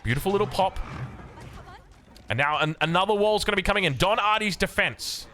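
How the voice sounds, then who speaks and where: Aussie guy casting a strategy game, excitable, pitch jumps up when it gets hectic, bright tone. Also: brisk, a little hiss or hum. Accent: Australian. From Australia. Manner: excitable, rises sharply when action picks up. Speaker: game caster. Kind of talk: video game commentary. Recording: faint music behind.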